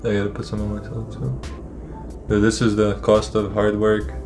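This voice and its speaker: A man's voice: on the low side, monotone, normal speed, over music. A man co-hosting a casual couple vlog, playfully teasing his wife and fishing for praise. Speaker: vlog co-host, husband.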